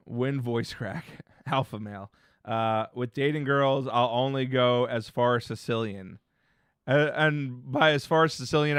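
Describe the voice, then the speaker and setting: A man's voice: mid-range voice, a bit bright, no echo, clean studio sound. A man in his thirties chatting casually on a live stream, rambling and laid-back, often laughing and trailing off into mumbles.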